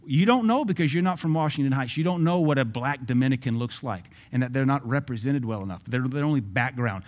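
A man's voice: mid-range voice, fast, few pauses. A man giving opinionated social commentary from a Christian view, speaking emphatically with many repeated rhetorical questions.

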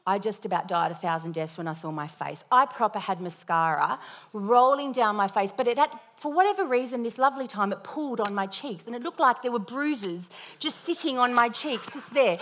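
A young woman telling a lively personal testimony with self-deprecating humor as part of a sermon. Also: a little high, brisk.

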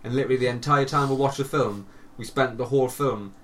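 The speaker is a young man co-hosting a podcast, chatting casually and telling stories with animation, lots of swearing, and frequent laughter. His mid-range voice is fast and fairly bright in tone. The mic sits a bit distant, with faint hiss.

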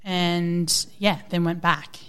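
In a relaxed interview, a thirtysomething Australian woman who works as a fitness coach shares animated stories, readily quoting others. Her voice is smooth and sits fairly low.

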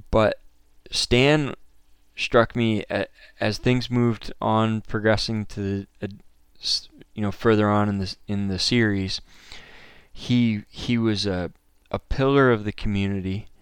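A man's voice: on the low side, clean tone, no echo, studio quality. A man from Maine hosting a podcast, talking in a casual, enthusiastic, conversational monologue. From Maine, USA. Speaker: podcast host.

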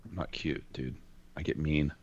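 A man's voice: very deep voice, fairly even intonation, moderate pace, lo-fi sound. A man in casual chat on a call, joking around with mock-tough banter. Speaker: podcast guest.

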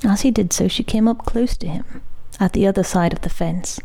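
Female storybook reader, soft hushed narration, dark mellow tone. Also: medium pitch, normal speed. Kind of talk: storybook reading aloud.

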